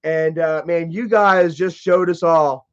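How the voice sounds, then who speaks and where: High-voiced man ranting on a livestream. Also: steady tone, takes it slowly, clean tone. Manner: profane, mocking, lots of "you know". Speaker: livestream host. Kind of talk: casual livestream rant. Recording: dull lo-fi stream audio.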